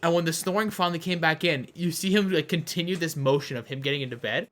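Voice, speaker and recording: A young man from Canada telling a long, animated anecdote on a podcast, rambling and often breaking into laughter. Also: a little high, quick pace. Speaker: podcast host. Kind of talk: casual storytelling chat.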